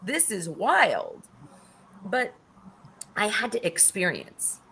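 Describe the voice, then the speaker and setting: A woman's voice: mid-range voice, very animated, slow pace, sharp tone, slight background noise. A middle-aged woman speaking as an interview guest, telling a personal story with casual swearing and acted-out quotes.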